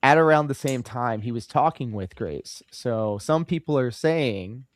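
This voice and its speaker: A man's voice: mid-range voice, lively intonation, unhurried, dry recording. A man on a casual panel, mocking and making crude side remarks.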